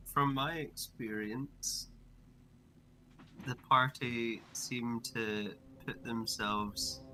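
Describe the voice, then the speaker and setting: A man voicing an unfazed male veteran soldier who speaks in a slow, musing way. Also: mid-range voice, pushed and bright, rough recording.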